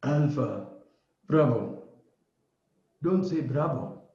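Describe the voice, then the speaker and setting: A man teaches a class, drawing his words out slowly to demonstrate pronunciation. His voice is mellow and sits a little high for a man. The recording is dull and heavily echoey, as if made in a large classroom. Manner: switches between English and Amharic, drawn-out demonstrative pronunciation. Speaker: aviation radio instructor. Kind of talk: classroom lecture.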